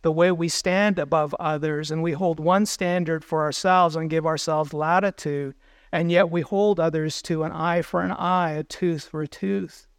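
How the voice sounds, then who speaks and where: A man's voice: on the high side, steady tone, moderate pace, clear, resonant tone, dry recording. A man preaching a sermon as pastor, earnest, putting questions to the congregation.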